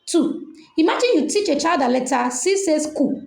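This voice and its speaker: A woman's voice: sits high, expressive, normal speed, creaky. A middle-aged woman with a Nigerian accent, coaching parents on teaching reading, repeating key points and checking in with "okay?". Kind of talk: online training session. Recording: echoey room.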